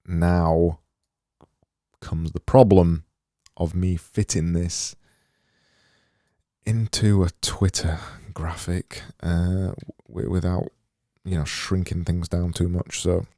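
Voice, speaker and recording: Male designer, low and unhurried, thinking aloud on a dry close mic, rambling and self-mocking. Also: level tone, dark tone, dry recording. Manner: rambling, muttering to himself while working, self-mocking. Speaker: designer livestreaming his work. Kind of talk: thinking-aloud livestream commentary.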